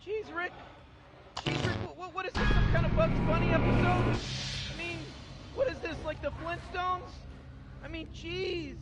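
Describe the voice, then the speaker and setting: Jittery stuttering teen boy, voice pitched way up, loud music under it. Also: fairly even intonation, normal speed. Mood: exasperated. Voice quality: nervous stammer. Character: anxious stammering teenage boy sidekick. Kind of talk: fan voice impression over gameplay.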